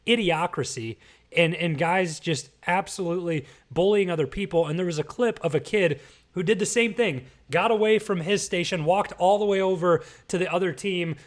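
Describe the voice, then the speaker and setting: A man's voice: high voice, moderate pace. A man hosting a podcast, delivering an emphatic, lecturing rant in casual commentary style. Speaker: podcast host.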